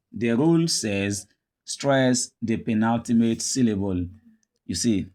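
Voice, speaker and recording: A man's voice: medium pitch, darkish tone. A man teaching an English pronunciation lesson, repeating each word several times as a drill.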